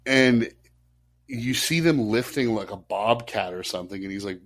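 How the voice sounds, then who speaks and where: A man co-hosting a casual podcast chat, animated and laughing as he retells film scenes. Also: medium pitch, normal speed. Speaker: podcast co-host.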